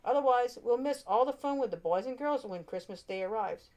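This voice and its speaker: A woman's voice: fairly high pitch, expressive, a little fast, a little mellow, pitched above the performer's own voice, lightly acted, poor audio. A woman reading a storybook voices a wistful misfit doll in a pleading way.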